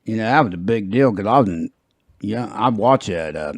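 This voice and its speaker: A man's voice: on the low side, lively intonation, normal speed, dry recording. A man, hosting a podcast in a loose, rambling, jokey way and laughing at his own jokes. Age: 50s. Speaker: podcast host. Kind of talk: casual chat.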